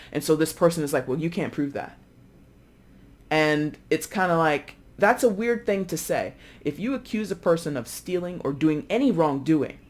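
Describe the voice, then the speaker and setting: A tarot reader speaking casually to camera, chatty and loose, often acting out the lines of imagined people. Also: medium pitch. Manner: loose, with frequent fillers and self-corrections.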